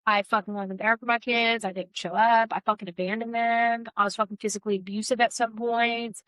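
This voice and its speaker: A woman's voice: on the high side, flat delivery, fairly quick, a bit bright, no room sound. A woman co-hosting a podcast, talking candidly and bluntly about recovery and shame, swearing freely and stressing her words. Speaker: podcast co-host. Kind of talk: candid casual chat.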